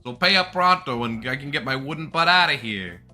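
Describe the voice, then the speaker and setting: A man's voice: medium pitch, animated, a little fast, sharp tone, soft background music, voice pushed up. A man voicing a boastful, bossy male gatekeeper made of wood, reading game dialogue aloud with insults. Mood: sneering.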